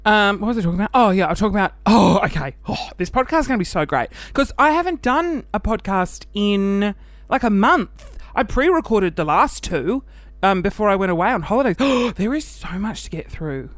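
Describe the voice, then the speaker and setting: A man hosting a casual solo podcast, out of breath after the gym, animated and self-mocking, sometimes dropping into a whisper. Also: sits high, fairly quick, no room sound. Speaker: podcast host.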